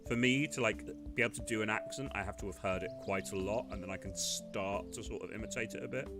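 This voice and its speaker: A man's voice: lowish voice, fast, loud music behind the voice. A man giving casual, self-deprecating commentary while playing a game. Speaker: let's player.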